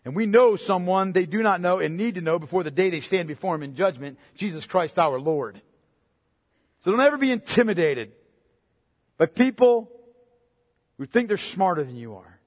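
A man preaching a sermon as pastor, impassioned, swinging between loud outbursts and low, quiet emphasis. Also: animated, moderate pace, long pauses. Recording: long hall reverb.

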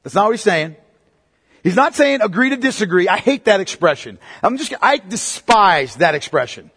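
A man's voice: high-pitched, very animated, moderate pace, fairly bright tone, breathy edge. A male pastor preaching a sermon emphatically, often asking the congregation rhetorical questions. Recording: long reverb of a large hall.

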